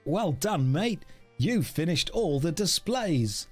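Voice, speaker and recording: A man's voice: a little high, animated, slow, slightly rough, faint music behind, heavily acted. A man reading a game character's lines in a put-on Australian accent, as a cheery museum worker. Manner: exaggerated slangy drawl, reading NPC lines aloud.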